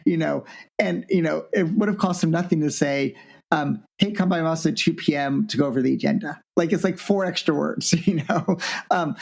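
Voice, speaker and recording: Male professor guest, raised pitch, gravelly edge, animated storyteller who voices the people in his anecdotes. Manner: lively, acts out quotes with big pitch jumps.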